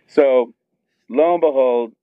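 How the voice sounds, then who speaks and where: A middle-aged man tells a story with rising excitement and acts out every quoted line himself. His voice comes through a thin, tinny phone connection, dry with no room sound, and sits at a middling pitch. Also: slow, clean tone, dry recording. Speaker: guest telling a story. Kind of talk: animated storytelling on a phone call.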